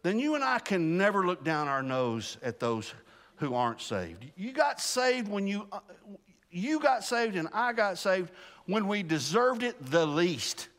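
A man leading a casual sermon and Bible study, animated, repeating himself, restarting sentences and laughing at himself. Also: high-pitched, unhurried, big-room sound. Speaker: pastor.

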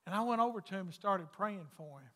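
A man preaching a folksy sermon as pastor, swinging between loud calls and hushed, intimate lines. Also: sits high, expressive, fast, long reverb tail.

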